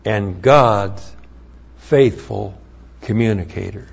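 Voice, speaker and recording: In this dull lo-fi sermon recording, a pastor teaches verse by verse from the Bible in a slow, lowish voice that is creaky with a breathy edge. His delivery is emphatic, with repeated key phrases and Greek words spelled out.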